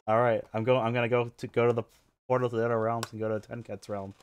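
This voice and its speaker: Excitable male tabletop player. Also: mid-range voice, quick pace, a little hiss or hum. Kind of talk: casual tabletop play.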